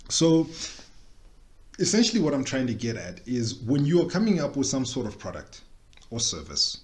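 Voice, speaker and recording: A young adult man, presenting a workshop in a casual, joking way with quick tangents. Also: mid-range voice, a little mellow. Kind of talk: casual explanatory talk.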